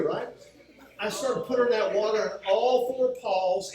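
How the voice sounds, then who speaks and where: High-voiced pastor preaching in an echoey church. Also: male voice, normal speed, a crowd in the background. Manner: humorous storytelling with acted-out quotes. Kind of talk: sermon. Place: church sanctuary. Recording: very echoey hall, mic from far off.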